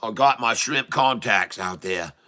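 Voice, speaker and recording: A man's voice: lowish voice, measured pace, bright, forceful tone. A man hosting a casual day-trading livestream, talking in a folksy, joking, rambling way.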